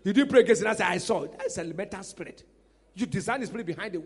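A man preaching a sermon as pastor, animated, breaking into shouts and laughter. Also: sits high. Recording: reverberant hall with faint music.

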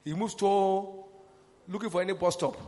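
A man preaching a sermon, emphatic and rousing, calling questions to his congregation and rising into shouts. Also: high voice, fairly even intonation, moderate pace, long reverb tail.

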